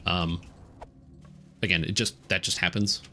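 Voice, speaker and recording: A Canadian man with a general North American accent, chatting casually on a game stream and enunciating each word clearly. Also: sits low, steady tone, unhurried, bright, forceful tone, a little hiss or hum. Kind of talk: casual live-stream chat.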